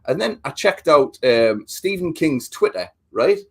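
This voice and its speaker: A man's voice: on the high side, big pitch swings, unhurried, breathy edge. A man in casual chat, ranting and swearing as he reviews a film he hated. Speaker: podcast co-host.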